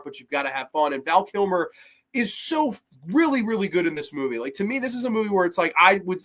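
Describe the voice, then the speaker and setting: Man, film show host, casual, enthusiastic, fairly high voice. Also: a bit bright. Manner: enthusiastic, acts out quoted lines in a higher voice. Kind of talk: casual film review monologue.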